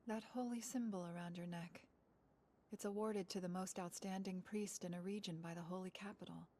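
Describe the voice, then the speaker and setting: An actress playing a composed elf mage who speaks softly and evenly. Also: female voice, mid-range voice, fairly even intonation, close to an everyday voice. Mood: calm. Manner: measured and soft-spoken. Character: calm, composed female elf mage, ageless.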